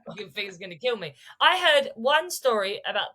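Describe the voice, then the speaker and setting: A woman's voice: a little high, normal speed. A woman co-hosting a podcast, telling stories in a casual, exclamatory way. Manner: animated storytelling, exclamatory. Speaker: podcast co-host. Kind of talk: casual chat.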